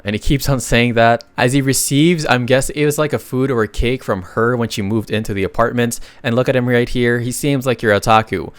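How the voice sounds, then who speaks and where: Man, casual comic recap narrator, chatty asides, mid pitch, dry sound. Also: no room sound. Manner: chatty, joking asides to viewers.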